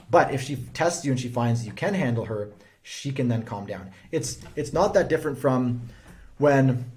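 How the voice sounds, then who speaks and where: Mellow, earnest male relationship coach. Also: mid-range voice, moderate pace. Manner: earnest, emphatic, persuasive. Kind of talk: direct-to-camera advice talk.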